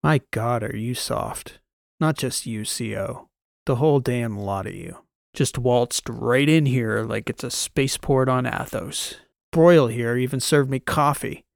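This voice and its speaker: A hardened, sardonic male special-ops commander, put on by a man reading an audiobook. He barks blunt orders and mocks the people around him in a gravelly voice. The sound is close and dry. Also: medium pitch, a little slow, dry recording. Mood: mocking. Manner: blunt, mocking, barking orders. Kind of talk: audiobook character voice.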